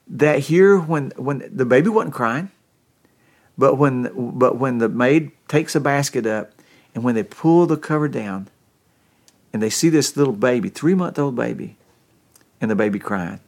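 A man's voice: mid-range voice, unhurried, a little mellow. Folksy storytelling male preacher. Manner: folksy storytelling with many restarts. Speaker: pastor. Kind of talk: sermon.

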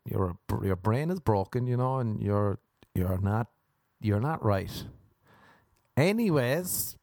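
A man's voice: on the low side, a little mellow, no room sound, clean studio sound. A young man doing a rambling comic monologue to camera, crude and joking, often stopping to restart his sentences. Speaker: vlogger.

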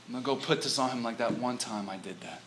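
A man voicing Mary, a grieving woman set on a task, speaking in a quiet, matter-of-fact way. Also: medium pitch, quick pace, slight background noise, pitched below the performer's own voice, natural voice. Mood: determined.

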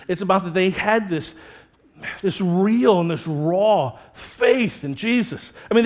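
A male pastor delivers a sermon in a lively, conversational way, swinging into playful quoted voices as he makes his point. His voice sits high for a man. He sounds like a young adult. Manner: animated, conversational preaching with playful put-on quotes.

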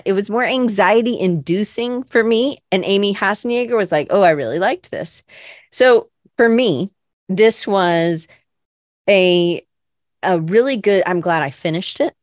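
A woman's voice: lowish voice, no echo, studio quality. A middle-aged woman hosting her own show, rambling through casual chat with lots of fillers and self-deprecating asides. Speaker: show host.

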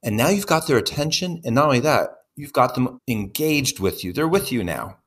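A middle-aged man, a pediatrician, calmly explaining child behavior on a parenting podcast. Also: medium pitch, normal speed. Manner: explanatory, steady, builds on co-host's points. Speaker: pediatrician co-host. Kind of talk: podcast parenting advice chat.

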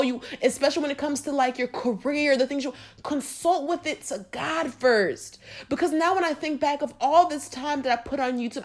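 Young woman podcaster, earnest heartfelt faith talk, slightly high voice. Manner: earnest, emotional, addresses listeners directly. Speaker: podcast host.

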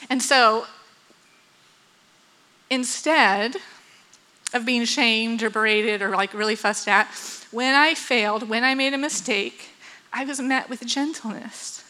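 Speaking slowly with frequent pauses, a mother tells a personal story in a fairly high, bright, pushed voice. She laughs a lot and acts out what people said, captured on a low-quality recording.

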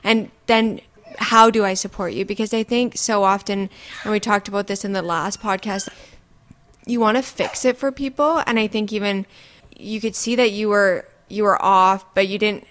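A young woman co-hosting a podcast, speaking gently and reflectively and asking probing questions. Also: mid-range voice, steady tone, moderate pace. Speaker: podcast co-host. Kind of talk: casual chat.

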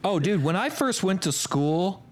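A man's voice: high voice, very animated, a little slow. A man from Indiana co-hosting a radio show, joking and bantering casually. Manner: joking, playful. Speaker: radio co-host.

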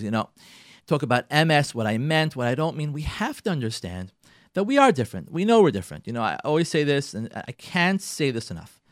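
A man with a fairly high voice hosts a radio talk segment, delivering an impassioned monologue of marriage advice. He's emphatic and repeats phrases, dropping in Hebrew and Yiddish terms, and the recording is dry and studio quality.

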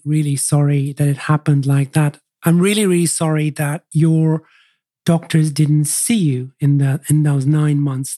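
A man hosting an interview, asking sympathetic, measured questions. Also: fairly high pitch, warm tone, no room sound, studio quality. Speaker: podcast host.

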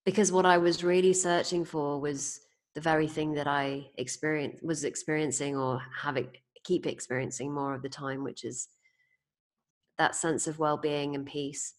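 A woman's voice: low voice, steady tone, normal speed. A woman hosting a podcast, telling stories in an amused, thoughtful way in a casual conversation. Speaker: podcast host.

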